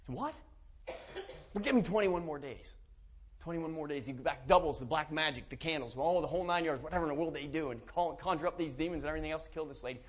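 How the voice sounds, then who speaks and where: Man, preacher, high voice, emphatic, restarts words, church sermon. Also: rapid-fire, few pauses. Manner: emphatic, rising to loud preaching.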